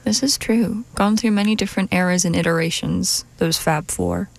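A young co-host with a gravelly, creaky voice chats playfully on college radio, laughing often and thinking aloud. The sound is dry and close on a studio microphone. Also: medium pitch, moderate pace, no room sound. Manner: playful, giggly, thoughtful. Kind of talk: casual radio chat.

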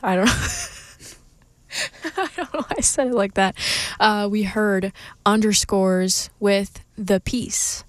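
A woman's voice: medium pitch, slow, no echo. A young woman hosting a college radio show, tired and sleepy, giggling and joking as she talks. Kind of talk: casual radio chat.

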